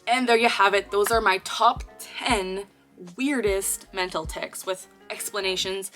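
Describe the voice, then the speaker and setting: A woman's voice: mid-range voice, measured pace, fairly bright tone, soft background music. A young woman talking casually to her viewers, chatty and explaining things with frequent fillers. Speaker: video creator. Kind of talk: casual talk to camera.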